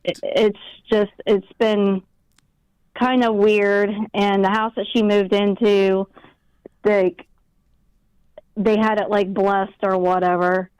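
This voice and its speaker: A middle-aged woman calling in to a live show, hesitant and halting as she tells her story. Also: mid-range voice, level tone, darkish tone, smooth, no room sound, lo-fi sound. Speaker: caller.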